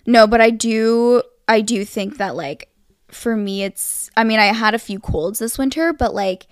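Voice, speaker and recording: A young woman co-hosting a podcast, chatting in a relaxed, agreeable way. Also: fairly high pitch, measured pace, clean tone, no room sound, studio quality. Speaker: podcast co-host. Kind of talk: casual chat.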